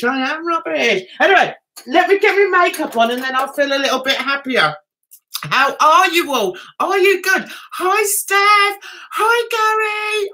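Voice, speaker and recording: A woman's voice: high-pitched, bright, forceful tone. A British woman hosting a casual livestream chat, giggly and flustered as she talks to her viewers. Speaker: livestream host.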